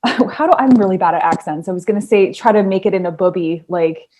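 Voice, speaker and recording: A woman's voice: medium pitch, a little fast, a little mellow, slight background noise. A woman co-hosting a podcast in casual chat, bubbly and rambling, often breaking into laughter. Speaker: podcast co-host.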